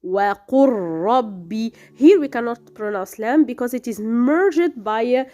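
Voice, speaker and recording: Slow, lively-voiced woman teaching letter sounds. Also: a little high. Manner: hesitant, many fillers and restarts, sounding out letters. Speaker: tajweed teacher. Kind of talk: recorded lesson explaining letter pronunciation.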